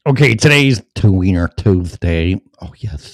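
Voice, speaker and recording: A man's voice: deep voice, animated, moderate pace, hardly any pauses, no echo, studio quality. A man hosting a live show, rambling, swearing and talking to himself between his scripted lines. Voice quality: rambling, profane, talks to himself. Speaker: show host. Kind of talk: casual live show monologue. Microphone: headphones and mic, checked aloud.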